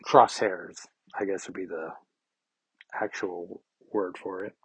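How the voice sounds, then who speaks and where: A man's voice: deep voice, fairly even intonation, slow, husky, no echo, rough recording. A man hosting a podcast, casually recapping a comic book with wry, chatty asides. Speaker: podcast host.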